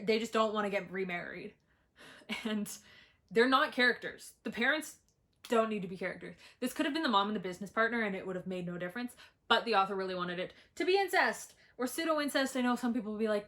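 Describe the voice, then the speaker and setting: Brief: young woman, bright voice, blunt and sweary, frequent laughs, book-rant vlogger at home. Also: medium pitch, fast. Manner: blunt, sweary, laughs often, animated outbursts. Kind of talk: ranting book review.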